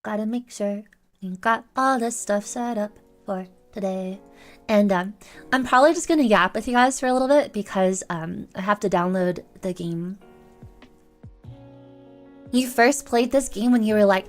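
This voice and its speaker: A woman's voice: mid-range voice, normal speed. Chatty, playful young woman streamer. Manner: chatty and playful, rambling with restarts. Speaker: VTuber streamer. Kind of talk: casual livestream chat with viewers. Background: faint background music.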